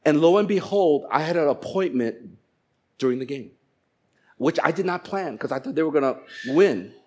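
A man preaching a sermon, animated and humorous, acting out quoted voices of people for laughs. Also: fairly high pitch, moderate pace, husky. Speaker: pastor.

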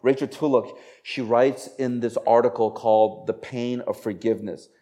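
A man's voice: medium pitch, fairly even intonation, normal speed, warm tone. A man preaching a sermon in a conversational style, asking the congregation rhetorical questions. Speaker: pastor.

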